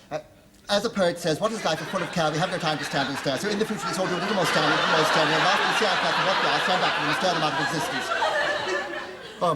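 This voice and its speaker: An actor playing a pompous, long-winded vicar who preaches slowly. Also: male voice, fairly high pitch, very noisy, close to an everyday voice. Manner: slow, sermonising, long-winded. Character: pompous slow-talking male vicar. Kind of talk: sitcom acting.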